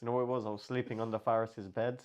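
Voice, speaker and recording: A man's voice: mid-range voice, flat delivery, rapid-fire, a crowd in the background. A man co-hosting a casual chat podcast, joking through made-up scenarios. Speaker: podcast co-host.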